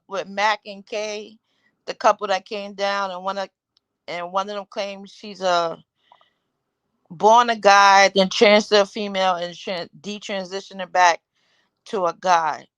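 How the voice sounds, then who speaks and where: A woman's voice: medium pitch, steady tone, a little slow, fairly bright tone, clean tone, dry recording. A woman hosting a live talk show, rambling through her opinions and asking the audience one rhetorical question after another. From Caribbean. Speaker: host.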